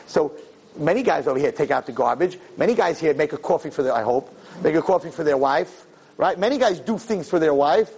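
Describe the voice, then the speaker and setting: A man lecturing as a rabbi in a Torah class, moving from quiet talk to loud, impassioned preaching before an audience. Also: a little high, husky, low-quality recording.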